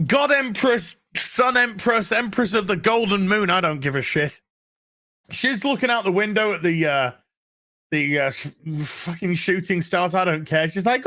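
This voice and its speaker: Rich: An exasperated reviewer ranting about a show, sarcastic and full of swearing. The voice is bright and animated, with big swings in pitch, while the pace stays slow and drawn out.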